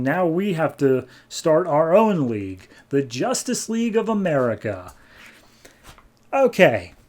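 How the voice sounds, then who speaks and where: A man hosting a comic book podcast, casually recapping and reviewing an issue with animated quoted lines. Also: mid-range voice. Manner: animated retelling with quick quoted voices.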